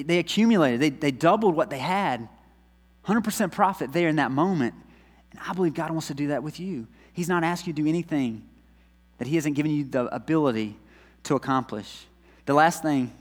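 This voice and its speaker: A man preaching in a church, mid-pitched and easygoing, telling family stories before driving home his point with repeated phrases. His voice carries a long reverb from a large hall. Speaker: pastor. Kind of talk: sermon.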